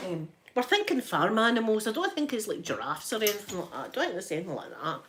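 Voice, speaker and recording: A woman's voice: medium pitch, sing-song, fast talker, few pauses, fairly bright tone, a little hiss or hum. A Scottish woman chatting casually to her viewers at home, talking freely and laughing often. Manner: chatty, laughs often, addresses chat by name. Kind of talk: casual live-stream chat while ironing.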